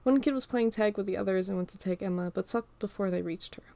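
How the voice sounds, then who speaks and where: A woman narrating an audiobook in a steady storytelling read. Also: medium pitch, quick pace, creaky.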